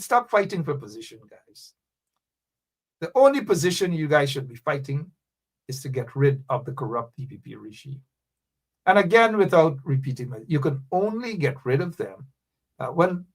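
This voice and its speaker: A man hosting live political talk radio, reading out viewer comments and urging listeners with repeated phrases. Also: a little high. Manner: animated, preachy, calls out names, repeats phrases for emphasis. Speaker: radio show host.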